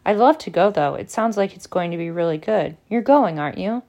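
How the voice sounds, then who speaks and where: A woman's voice: lowish voice, expressive, a little fast, darkish tone. A woman voicing a gossipy teenage schoolgirl who talks eagerly. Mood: gloomy.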